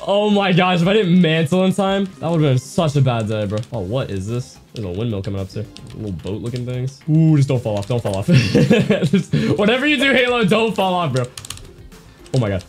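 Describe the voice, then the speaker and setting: A young man giving excited gameplay commentary, swinging from muttering to yelling. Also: medium pitch, moderate pace, soft background music. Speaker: gaming streamer.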